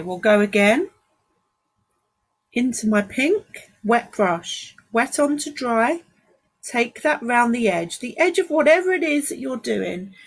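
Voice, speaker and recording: In an art studio, a woman with a London accent and a fairly high, husky voice leads a live-streamed watercolour demonstration. She teaches as she paints, chatting with the audience and welcoming viewers.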